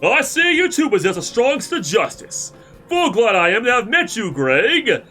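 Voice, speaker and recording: A man's voice: very high-pitched, big pitch swings, moderate pace, sharp tone, soft background music, voice pushed up, heavily acted. A man with a cold voicing a pompous, flamboyant old nobleman. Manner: pompous and indignant. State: congested with a cold.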